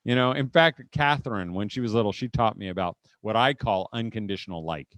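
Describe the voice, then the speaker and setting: A man's voice: on the low side, fairly quick, fairly bright tone, no echo. A middle-aged man from Indiana giving a humorous parenting talk to a live audience, telling folksy anecdotes and chuckling often. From Indiana, USA. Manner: folksy anecdotal storytelling, chuckles often, acts out family moments. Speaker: conference speaker.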